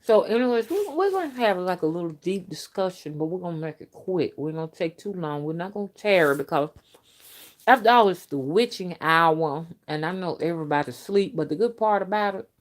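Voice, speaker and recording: A woman hosting a casual late-night livestream, talking while chewing gum in a chatty, emphatic way. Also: on the low side. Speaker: host of a spiritual channel.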